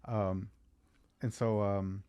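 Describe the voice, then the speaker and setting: A man's voice: fairly low pitch, little pitch movement, extremely slow, warm tone, clear, resonant tone, dry recording. A man, a comedian, telling a rambling, profane story in casual podcast chat and acting out what people said.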